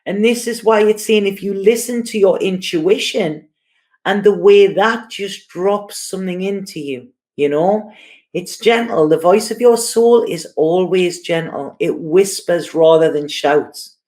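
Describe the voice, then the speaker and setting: A woman gives a casual tarot reading in a medium-pitched, darkish voice, taking her time and frequently checking in with "you know" and "okay".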